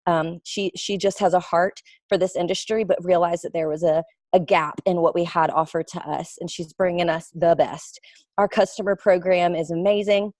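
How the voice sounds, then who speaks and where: A woman's voice: on the low side, moderate pace, dry recording, studio quality. A woman, a network marketing recruiter talking casually and animatedly to her team. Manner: chatty, animated storyteller with playful quoted voices. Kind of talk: casual webinar talk.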